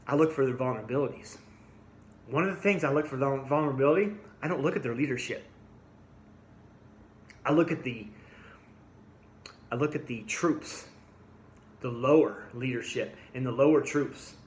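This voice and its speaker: A man delivering an angry, blunt monologue straight at his listeners, swinging from low mutters to loud outbursts. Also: echoey room, a little hiss or hum. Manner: blunt, combative, addresses listeners directly. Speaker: vlogger.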